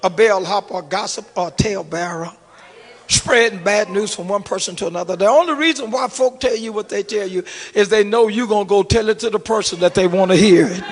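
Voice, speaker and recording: A middle-aged man preaching a sermon to his congregation, swinging from hushed asides to shouted exclamations and calling out to the crowd. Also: high voice, fairly quick. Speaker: pastor. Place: church sanctuary. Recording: long reverb of a large church hall.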